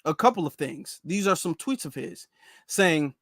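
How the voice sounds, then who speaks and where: A man hosts a political commentary show in a high voice. He is emphatic, repeats himself and talks straight to his viewers. The sound is dry and close, with no room around it. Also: animated, moderate pace, fairly bright tone, dry recording. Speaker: commentary channel host. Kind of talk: political commentary, reacting to clips and posts.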